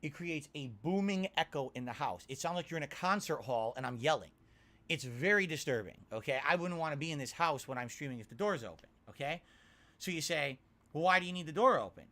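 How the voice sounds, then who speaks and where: On a desk mic in his home office, a man with a voice on the high side reads out livestream tips at a fairly quick clip. He's animated, repeatedly breaking into exasperated rants.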